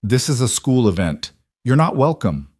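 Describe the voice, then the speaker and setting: Man doing a brave young lady teacher, firm and earnest, raised a bit higher, dry close mic. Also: big pitch swings, normal speed, a little mellow, no echo. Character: brave young female schoolteacher, steady and principled.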